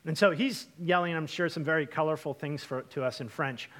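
Young pastor guy telling a story in a sermon, slightly high voice, lots of likes and ums, talks right to the crowd. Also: fairly quick. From Washington state, USA. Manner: chatty, lively, many fillers and asides to the congregation.

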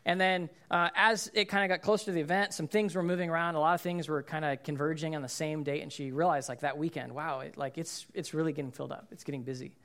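A man's voice: a little high, quick pace, hardly any pauses. A man preaching a sermon in a casual, conversational way, often checking in with listeners and acting out what people said. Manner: acts out quoted people in lively voices. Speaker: pastor.

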